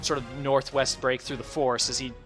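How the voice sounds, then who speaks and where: Man, game master, casual rambling narration, bright forceful tone, middle pitch. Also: flat delivery, fairly quick, faint music behind. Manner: rambling, filler-heavy, laughing asides.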